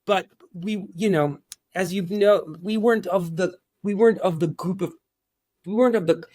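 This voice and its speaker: A man in his forties from Iran, a guest in a casual interview, talking in halting starts with lots of restarts. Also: high-pitched, darkish tone, no echo, clean studio sound. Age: 40s.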